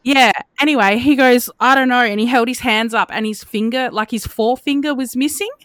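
A woman's voice: a little high, fairly quick, very noisy. A young Australian woman, a nurse, telling funny work stories in casual chat and laughing through them. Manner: animated, laughing as she tells stories.

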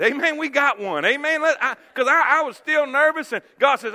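Male pastor, high-pitched and bright, emphatic storytelling sermon with a long church reverb. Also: expressive, a little fast. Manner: storytelling, emphatic, repeats words. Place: church sanctuary.

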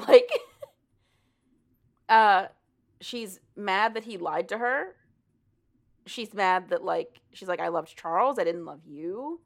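A woman casually recapping a story for a co-host, animated and profane, laughing often as she talks. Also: mid-range voice, slow, vocal fry, pauses often. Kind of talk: casual chat.

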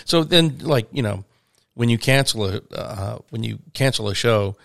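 A man's voice: mid-range voice, expressive, normal speed, vocal fry, fairly bright tone, dry recording, studio quality. A man telling a long, rambling touring anecdote in casual conversation, acting out the quoted voices. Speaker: touring musician guest. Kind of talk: storytelling in casual chat.

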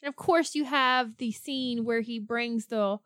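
A woman with a high voice chats on a movie podcast, teasing her co-host with quick, playful quips. The recording is dry and close. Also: a bit bright, clear, resonant tone, no room sound. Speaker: guest co-host. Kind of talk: casual movie podcast chat.

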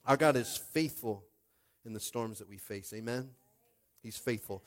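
A man preaching a sermon as pastor, animated, swinging from hushed confiding to shouting and acting out little scenes. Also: medium pitch, unhurried, pauses often.

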